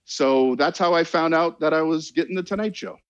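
A man's voice: on the high side, fairly quick, smooth, dull audio. A man, a comedian, telling a story and acting out both sides of the conversation. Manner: animated, acts out both sides of the dialogue. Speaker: comedian guest. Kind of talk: storytelling anecdote.

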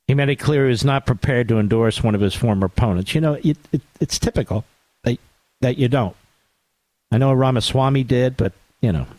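Male radio host, middle pitch, biting and sarcastic, dry close-mic studio sound. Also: no room sound. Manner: sarcastic, animated, asides to his producer. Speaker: radio talk show host. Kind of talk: opinionated political talk radio monologue.

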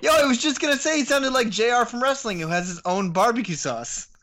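A man's voice: very high voice, expressive, fairly quick, sharp tone. A man co-hosting a podcast in casual chat, joking and often restarting his sentences. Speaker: podcast co-host.

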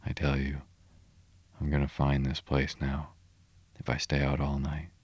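Hearty bossy-but-kind water rat, read by a man, very deep flat voice, dry. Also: measured pace, no echo. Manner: hearty, cheerful, commanding. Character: kindly, brisk male water rat.

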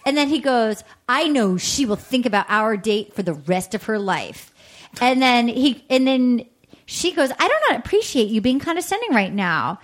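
Woman, podcast host, high pitched, very animated, excitable casual chat. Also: moderate pace. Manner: excitable, gushing, quotes people in bursts.

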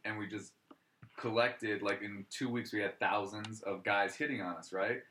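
A man's voice: fairly low pitch, fairly even intonation, moderate pace, sharp tone. A male comedian telling rambling, profane stories in casual podcast chat.

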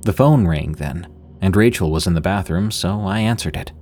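A man narrating a first-person work story in a steady, scripted storytelling delivery. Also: low voice, moderate pace, slight background noise. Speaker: podcast narrator.

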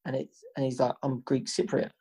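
A man co-hosting a podcast, chatting casually and telling an animated story, swearing freely and acting out the voices of people he quotes. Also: mid-range voice, fairly quick, breathy edge. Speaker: podcast co-host. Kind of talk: casual chat.

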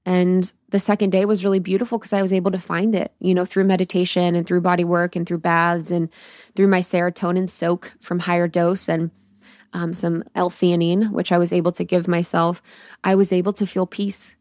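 A woman's voice: on the low side, flat delivery, moderate pace, darkish tone, no echo, clean studio sound. A woman hosting her own podcast alone, telling a personal story candidly and with swearing, and acting out her own thoughts as she goes. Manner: acts out her own inner dialogue. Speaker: podcast host. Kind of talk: solo podcast recap.

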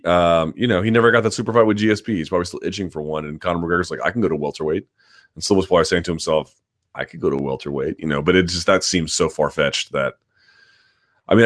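A man's voice: sits low, a bit bright. A man hosting a live chat about a combat sport, reading viewer questions aloud and answering at length with many ums and restarts. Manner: talks quickly and hedges, lots of ums and restarts. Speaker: host.

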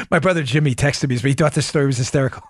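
A man hosting a political commentary podcast, talking in an animated, emphatic way and hammering home key phrases. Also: mid-range voice, slightly rough, dry recording, clean studio sound. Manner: addresses listeners as "folks". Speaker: podcast host.

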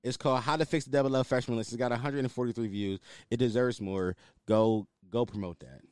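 A young man hosting a solo commentary show, ranting in a casual, animated way and swearing freely. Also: mid-range voice, fairly quick, clear, resonant tone, no room sound, studio quality. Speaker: podcast host.

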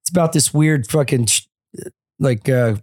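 A man with an average-pitched voice tells a long, rambling story in casual podcast talk. He is sick and on cold medicine, so he is giggly and loose, and he swears freely. He wanders off track as he goes. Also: normal speed, darkish tone. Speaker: podcast co-host. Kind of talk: casual chat.

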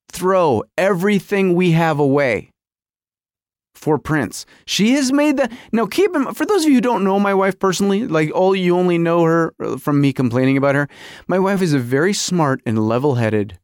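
A man's voice: sits high, no room sound, clean studio sound. A middle-aged man hosting a podcast, telling a comic story about his marriage with exaggerated quoted voices. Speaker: podcast host.

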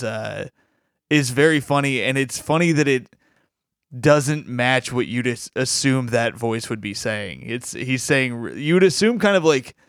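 A man's voice: medium pitch, a bit bright, smooth, dry recording, clean studio sound. A man hosting a casual podcast chat, talking enthusiastically and rambling with restarts. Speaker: podcast host.

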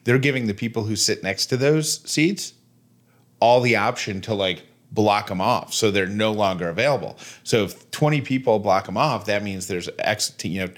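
A man in his thirties co-hosts a podcast, keeping the chat casual, playful, and jokey, even slipping into a mock Australian voice. He speaks in a lowish voice at a moderate pace.

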